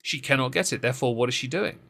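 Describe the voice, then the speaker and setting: A man co-hosts a casual live-streamed political recap show, speaking into a desk microphone and tossing in sarcastic, mocking asides. His voice is medium-pitched, fast, gravelly and fairly bright.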